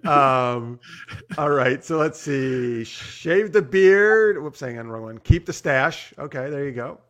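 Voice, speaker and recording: A man's voice: mid-range voice, expressive, takes it slowly, fairly bright tone. A man hosting a casual online chat show, reading out viewer comments and laughing often. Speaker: podcast host.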